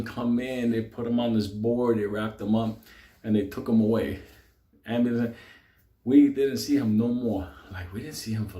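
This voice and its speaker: New guy, mid-pitched, profane and animated raconteur, roomy echoey recording. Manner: profane, animated, laughs often. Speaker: storyteller. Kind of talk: casual storytelling.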